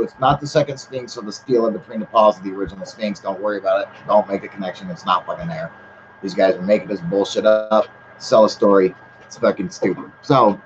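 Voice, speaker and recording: Buzzed guy cussing his way through a live stream, kinda muffled lo-fi mic, faint hiss. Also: lowish voice. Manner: heavy swearing, laid-back, reads chat aloud. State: a little high and drunk. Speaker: livestream host. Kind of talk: casual rambling livestream chat.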